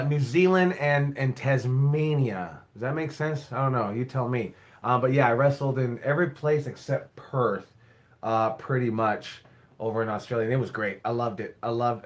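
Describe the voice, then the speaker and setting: A man's voice: medium pitch, a bit bright. A man who owns and coaches a wrestling school, answering viewer questions in a casual live stream, rambling, repeating himself and swearing now and then.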